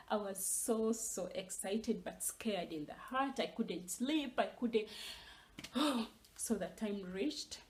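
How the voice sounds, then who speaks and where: A young woman telling her own story in a casual vlog, animated and dropping into whispers for asides. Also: mid-range voice, low-quality recording. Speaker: vlogger.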